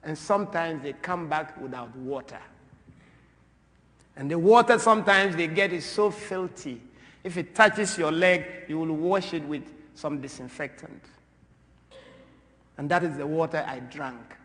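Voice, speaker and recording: A man from Ghana addresses a church gathering with a fairly high voice. His delivery is animated, rising to loud, emphatic bursts and dropping to quiet asides. The long reverb of a large church hangs on every phrase. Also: measured pace, pauses often. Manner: animated, swings from loud to soft. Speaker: speaker at a church. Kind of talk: impassioned talk.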